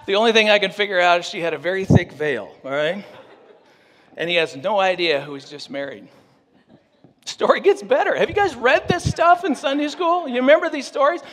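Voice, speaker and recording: A pastor telling a story in a humorous sermon, animated and joking with his audience. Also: high voice, brisk, in a large hall.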